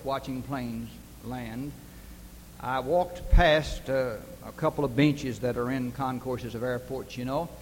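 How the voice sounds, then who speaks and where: A man preaching a sermon, telling stories earnestly and building to emphatic questions. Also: medium pitch. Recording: distant reverberant hall with faint hiss.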